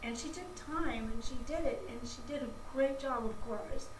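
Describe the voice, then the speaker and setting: A woman's voice: high-pitched, moderate pace, distant mic. Gushing woman, roomy off-mic sound. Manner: effusive, gushing, lots of fillers and restarts. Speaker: vlogger. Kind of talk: casual rambling anecdote. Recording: roomy, off-mic, faint background noise.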